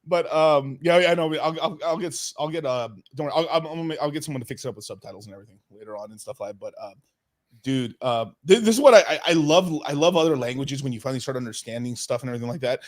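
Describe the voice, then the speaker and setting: A man hosting a casual crypto livestream chat, excitable, swearing often and restarting his sentences. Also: mid-range voice, fast talker.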